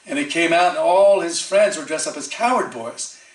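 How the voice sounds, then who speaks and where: A man tells devotional stories at a temple, animated and full of fillers as he slips into the voices of his characters. He sounds set back from the microphone, and his voice rings around a large, echoing hall. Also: on the high side, moderate pace. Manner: animated storyteller acting out quoted voices, frequent fillers. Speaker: temple speaker. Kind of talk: storytelling sermon. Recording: echoey hall, distant mic.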